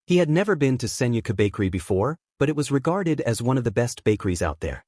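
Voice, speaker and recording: Steady male fan fiction narrator. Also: medium pitch, quick pace, no echo, clean studio sound. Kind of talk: fan fiction audiobook reading.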